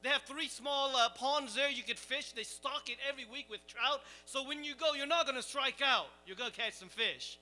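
A man preaching, telling a lively, self-mocking camping story to his congregation. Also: extremely high pitch, normal speed, few pauses. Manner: animated, self-deprecating storyteller. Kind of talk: storytelling sermon.

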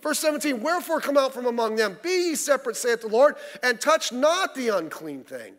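A man's voice: very high voice, big pitch swings, fairly quick, fairly bright tone. A male pastor giving a midweek sermon in church, talking in a folksy, conversational way with lots of rhetorical questions. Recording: reverberant church hall.

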